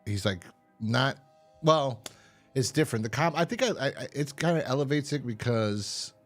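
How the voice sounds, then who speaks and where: A man's voice: mid-range voice, animated, moderate pace, faint music behind. A man co-hosting a podcast, chatting casually and rambling through stories with frequent laughs. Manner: rambling storyteller who laughs often. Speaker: podcast co-host. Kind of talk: casual review chat.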